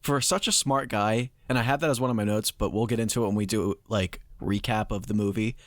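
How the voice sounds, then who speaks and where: A man's voice: lowish voice, fairly quick, dry recording. A man co-hosting a podcast, talking casually in a hesitant, rambling way with lots of fillers. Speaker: podcast co-host. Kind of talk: casual chat.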